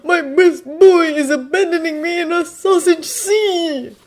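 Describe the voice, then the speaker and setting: A woman's voice: medium pitch, normal speed, warm tone, voice pushed up, natural voice. A woman voicing a crude, lecherous teenage boy who whines and leers, in a fanfiction audiobook reading. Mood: leering. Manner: whining, leering.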